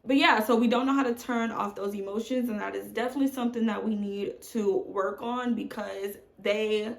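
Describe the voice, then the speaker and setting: Creaky-voiced mom vlogger in an echoey room. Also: female voice, mid-range voice, fairly even intonation, moderate pace. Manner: candid, emotional, addresses viewers as y'all. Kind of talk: candid confessional chat to camera. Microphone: phone on tripod.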